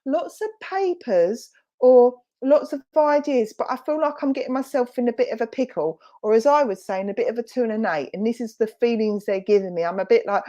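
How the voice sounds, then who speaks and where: A woman's voice: mid-range voice, darkish tone. A woman with a Romford accent working as a spiritualist medium, passing on spirit messages in a chatty, reassuring way during an online service. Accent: Romford, Essex. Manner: chatty, reassuring, with frequent fillers and self-corrections. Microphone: video call.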